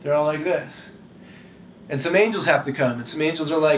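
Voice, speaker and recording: A man preaching a sermon in an animated, conversational way that often repeats words as he goes. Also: fairly high pitch, brisk, reverberant, a little hiss or hum. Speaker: pastor.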